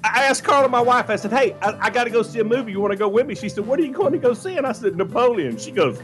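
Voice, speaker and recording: A man who is a regular on a radio talk show, retelling a movie for laughs, dropping into a low voice for each character's lines and laughing often. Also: lively intonation, rapid-fire, fairly bright tone, faint music behind. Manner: laughs often while talking. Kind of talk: animated comic movie recap.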